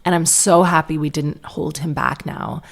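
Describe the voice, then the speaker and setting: A woman in her thirties tells family stories on her own podcast in a loose, casual solo monologue. Her low voice has a gravelly fry and a steady tone at a moderate pace. She says "like" constantly and acts out little quotes of what people said.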